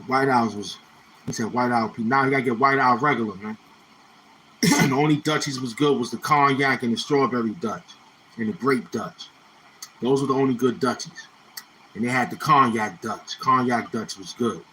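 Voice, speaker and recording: Bright-voiced man rambling casually. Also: mid-range voice, moderate pace, slight background noise, low-quality recording. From Brownsville, Brooklyn, New York. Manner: rambling, slangy, repeats phrases, laid-back reminiscing. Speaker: YouTuber. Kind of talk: casual storytelling monologue.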